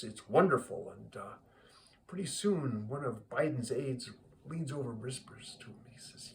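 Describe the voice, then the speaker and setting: A man telling a joke in a relaxed, rambling way, full of fillers. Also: medium pitch, slight background noise. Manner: rambling, chatty, many fillers. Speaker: joke teller.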